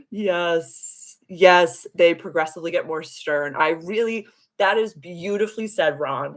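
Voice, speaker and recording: A woman hosting a live stream as a spiritual coach, telling a story in an animated, giggly way and answering viewer comments. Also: sits low. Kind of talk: casual live-stream chat.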